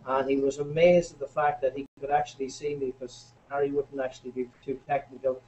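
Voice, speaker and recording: A businessman introducing the next speaker in a relaxed, hesitant way with plenty of ums. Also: mid-range voice, a little fast. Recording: distant lo-fi recording with faint noise.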